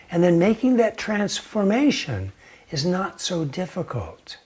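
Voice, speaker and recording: Husky-voiced man teaching gently. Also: high voice, huge pitch swings. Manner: gentle, slow, drops to near whispers. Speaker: meditation teacher. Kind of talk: guided teaching talk with a story.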